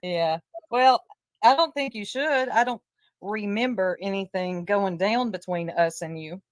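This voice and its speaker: A woman's voice: mid-range voice, unhurried. A woman from Tennessee with a Southern accent, gossiping bluntly on a casual livestream and laughing often. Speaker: streamer.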